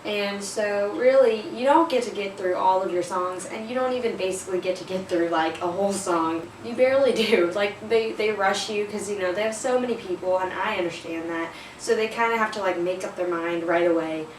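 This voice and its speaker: A woman's voice: medium pitch, a little fast, few pauses. Chatty teenage girl, roomy distant sound. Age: teens. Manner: chatty, lots of fillers, laughs at herself. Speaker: vlogger. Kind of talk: casual storytime. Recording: roomy, a bit distant, faint noise.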